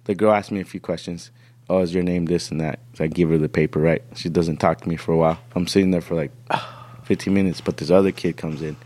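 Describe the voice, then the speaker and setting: Deep-voiced man telling a rambling story. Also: fairly even intonation, fast talker, a little mellow, no room sound. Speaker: podcast host. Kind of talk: casual storytelling.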